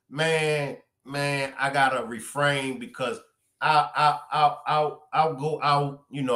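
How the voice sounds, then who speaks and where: A man giving heated live-stream commentary, repeating himself and swinging from loud outbursts to low muttering. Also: reverberant.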